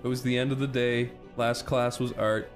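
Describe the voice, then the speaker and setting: A young man chatting casually over a video game, telling stories and jumping into shouted voices when quoting people. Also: mid-range voice, little pitch movement, moderate pace. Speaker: let's play commentator. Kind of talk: casual gaming chat with storytelling. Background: game music.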